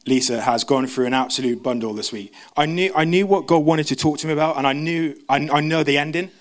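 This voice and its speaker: A man preaching a sermon, talking fast with frequent restarts and stumbles. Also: a little high. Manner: fast, stumbling, self-interrupting.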